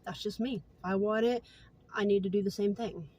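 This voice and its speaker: Woman, late 20s, everyday mid-pitch voice, earnest and chatty casual vlog storyteller. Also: fairly even intonation, fairly quick, dark tone, breathy edge. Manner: candid, earnest and chatty, with many fillers. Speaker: vlogger.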